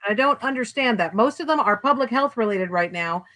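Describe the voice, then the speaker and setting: A woman's voice: fairly high pitch, expressive, fairly quick, bright, forceful tone, rough recording. A woman author being interviewed in a casual chat, talking bluntly and animatedly, with self-deprecating humor. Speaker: author guest.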